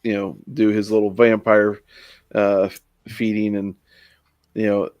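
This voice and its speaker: A man's voice: fairly low pitch, flat delivery, measured pace, no room sound, dull audio. A man in casual book-discussion chat, recapping the plot with fillers and quoted dialogue.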